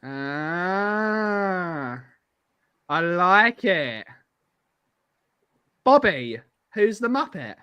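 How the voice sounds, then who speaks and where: A man's voice: sits high, lively intonation, measured pace, sharp tone, no room sound, dull audio. A man hosting a live-stream game show podcast, reading out chat comments and bantering with co-hosts. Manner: reads chat comments aloud, laughing, bantering. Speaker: podcast host.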